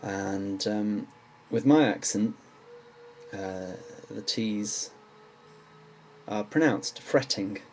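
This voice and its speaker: Young English male, low register, casual and halting teaching delivery, faint background hum. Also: darkish tone, poor audio. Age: young adult. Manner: hesitant, lots of ums, slows to demonstrate words. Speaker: accent teacher. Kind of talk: casual pronunciation lesson.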